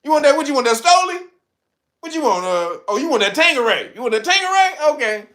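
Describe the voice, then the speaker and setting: A man's voice: extremely high pitch, sing-song, quick pace, bright, forceful tone, voice pushed up, heavily acted. A man voicing a pushy male bartender who keeps pressing someone to pick a liquor. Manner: insistent, repeating himself.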